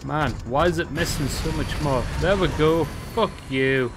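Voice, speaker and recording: A man casually commenting on his own gameplay, swearing a lot with loud frustrated outbursts. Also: a little high, normal speed, noisy background. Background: game sounds.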